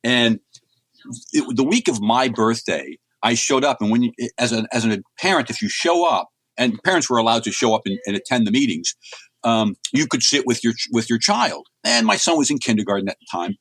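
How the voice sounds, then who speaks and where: Middle-aged guy from the US chatting as a guest, lots of restarts, average pitch, dry sound. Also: expressive, a little fast, fairly bright tone, dry recording. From United States. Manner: chatty, rambling anecdotes with many restarts. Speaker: interview guest, comics writer. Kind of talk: casual storytelling in an interview.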